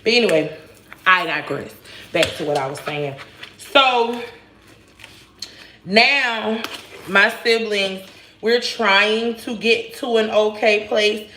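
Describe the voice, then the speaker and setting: In an echoey home kitchen with slight background noise, the woman in her thirties cooks and shares casual stories with her viewers, candid and full of slang. Her mid-range voice has a sharp tone, and she speaks slowly with long pauses.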